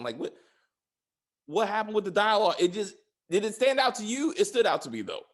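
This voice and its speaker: Animated man ranting in a TV review. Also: fairly high pitch, a little fast. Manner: animated, exasperated ranting with frequent profanity. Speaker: podcast host reviewing a TV series. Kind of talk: casual spoiler review chat.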